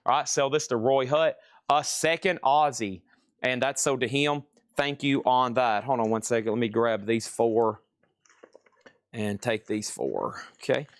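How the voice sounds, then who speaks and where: A man's voice: mid-range voice, no room sound, clean studio sound. A man hosting a live-streamed record sale. He chats and jokes like a salesman while calling out prices and buyers. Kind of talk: live auction sales patter.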